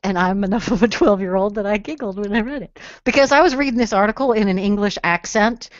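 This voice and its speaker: A woman's voice: mid-range voice, fast talker, no echo. Chatty woman on a dry lo-fi podcast. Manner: chatty, giggly. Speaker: podcast co-host. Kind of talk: casual panel chat. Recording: dry, dull lo-fi audio.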